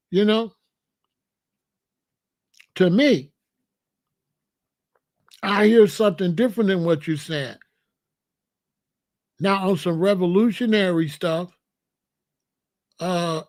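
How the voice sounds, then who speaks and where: High-voiced guy, aave, preachy and in your face, dry close sound. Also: dry recording. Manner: confrontational, repeats questions, preachy. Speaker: host answering a viewer. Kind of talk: live-stream commentary.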